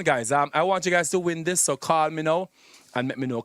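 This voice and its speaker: A man's voice: on the high side, measured pace, fairly bright tone, no echo, studio quality. A man hosting a radio entertainment news show, chatting playfully and loosely with frequent restarts. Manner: playful, loose and rambling, with many restarts and laughs. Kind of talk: casual entertainment news chat.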